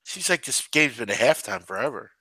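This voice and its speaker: Animated, bright-voiced man in sports banter. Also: medium pitch, a little fast, no echo, rough recording. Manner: animated, swears freely, teasing. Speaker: sports betting co-host. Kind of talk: casual live betting chat.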